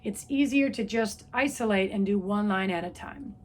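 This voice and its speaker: A woman's voice: mid-range voice, normal speed. A woman music teacher giving a patient, step-by-step trumpet lesson, counting beats aloud. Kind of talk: instrument lesson video.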